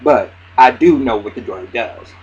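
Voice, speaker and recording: A man with a medium-pitched voice speaks at a measured pace, casually recapping a TV episode with plenty of profanity. He gets excitable, acts out the characters' lines, and restarts often. The recording is dull and lo-fi, with faint hiss.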